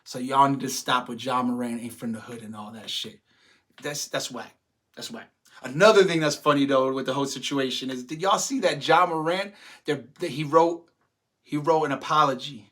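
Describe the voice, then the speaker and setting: A man hosting a show, giving casual and profane commentary in a brash, loud way, swearing and laughing often. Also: medium pitch, moderate pace. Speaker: podcast host.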